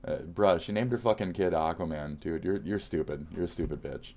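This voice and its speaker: A man's voice: deep voice, fairly quick, mellow. A man streaming live, reacting to posts with a profane, mocking rant.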